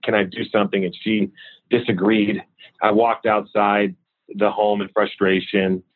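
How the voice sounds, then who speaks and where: A man, a guest in an interview, candidly and steadily telling a personal story. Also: fairly low pitch. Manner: candid, steady recounting of hard memories. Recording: tinny phone-like line.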